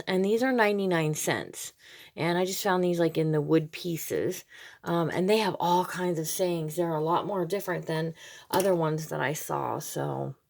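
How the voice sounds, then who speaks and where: Gravelly-voiced woman chatting through a craft tutorial. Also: on the low side. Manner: chatty, with frequent ums. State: slightly scratchy from a cold. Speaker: craft channel host. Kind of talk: casual DIY tutorial.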